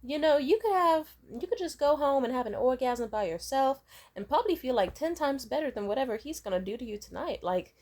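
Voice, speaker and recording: A woman voicing a caring young female friend giving soft, reasoned advice. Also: sits high, lively intonation, fairly quick, pitched above the performer's own voice. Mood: gently persuasive.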